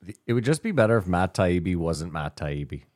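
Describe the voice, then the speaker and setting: Give me a deep-voiced man with a laid-back podcast delivery. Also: big pitch swings, a little fast, a little mellow, no room sound, clean studio sound. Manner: laid-back, laughs often. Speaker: podcast co-host. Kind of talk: casual chat.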